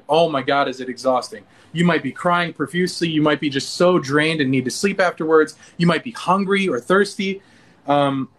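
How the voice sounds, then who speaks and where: Male interview guest with a high voice, earnest, animated self-talk, frequent restarts. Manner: earnest, animated, acts out inner dialogue with many restarts.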